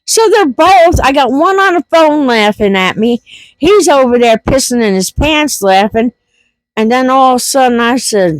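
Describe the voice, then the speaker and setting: A woman's voice: on the high side, animated, moderate pace, no echo. A woman telling a funny family story in a casual, laughing, folksy way. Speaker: homesteading vlogger.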